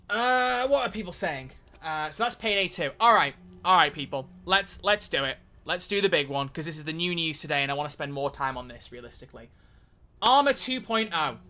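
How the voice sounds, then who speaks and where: Bright-voiced man streaming. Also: a little high. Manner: chatty, animated, swears casually. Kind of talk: casual live-stream chat while gaming.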